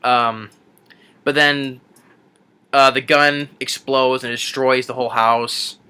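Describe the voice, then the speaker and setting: A man casually recaps an animated movie, his bright, crisp voice rambling along. He keeps restarting his sentences and padding them with "uh" and "like.". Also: medium pitch, slow pace. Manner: rambling, with many fillers and restarts. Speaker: movie reviewer. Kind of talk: casual plot retelling.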